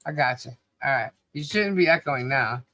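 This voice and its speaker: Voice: mid-range voice, lively intonation, normal speed, pushed and bright, no room sound. A podcast co-host chatting loosely with a friend, laughing often and singing snatches of songs now and then. The recording is dry and close, with no room sound around the voice. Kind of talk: casual chat.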